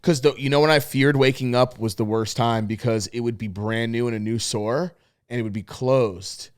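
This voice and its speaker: A man's voice: mid-range voice, fairly even intonation, normal speed. A young man co-hosting a podcast, telling candid personal stories in casual, profane chat. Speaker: podcast co-host.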